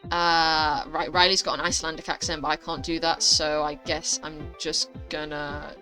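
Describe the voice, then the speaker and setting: Bright-voiced woman reading a story game. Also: low voice, little pitch movement, normal speed, faint music behind. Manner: chatty, self-aware asides. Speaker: gaming youtuber.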